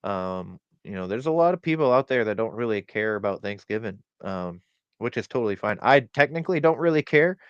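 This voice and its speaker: A man with a stuffy, nasal cold voice hosts a relaxed chat, his voice lower than most and smooth. The sound is dry and a little dull, as if from a modest desk setup on a live stream. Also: fairly quick, dry recording. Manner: laid-back, swearing, lots of fillers. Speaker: podcast host. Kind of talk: casual chat. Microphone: webcam or desk mic on a live stream.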